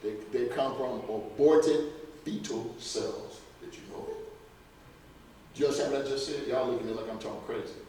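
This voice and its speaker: A man's voice: mid-range voice, moderate pace, mellow, slight background noise. Man lecturing in an echoey hall. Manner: rhetorical questions, folksy and emphatic. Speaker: health lecturer. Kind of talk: lecture to a church audience. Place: church hall. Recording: echoey hall recorded from far off.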